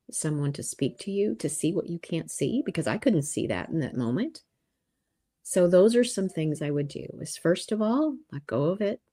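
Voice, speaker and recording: A woman guest on a podcast, calm and reflective, who turns lively when she tells stories. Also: on the low side. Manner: calm and reflective, turning animated while telling stories. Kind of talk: casual interview chat.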